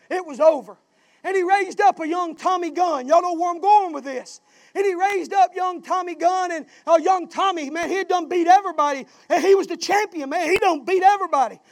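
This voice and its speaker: A pastor delivering a fiery sermon in a strikingly high, dry voice, recorded close with no room echo. He builds his points into passionate, shouted refrains. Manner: southern-style preaching, swells into shouting.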